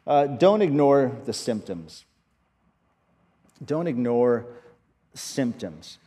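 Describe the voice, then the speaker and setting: A man's voice: mid-range voice, darkish tone. Earnest preacher man, echoing hall. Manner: earnest, halting, many restarts. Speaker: pastor. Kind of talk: sermon.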